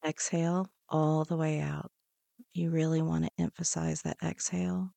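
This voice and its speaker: A woman leading a guided breathing meditation on a podcast, giving slow, soothing, repeated instructions. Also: low-pitched, little pitch movement, gravelly, warm tone, dry recording. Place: podcast studio.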